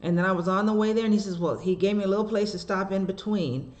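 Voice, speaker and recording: A woman minister delivers a sermon and tells stories in an animated way, tossing rhetorical asides to her listeners. When she reads scripture she slows down and measures out each phrase. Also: mid-range voice.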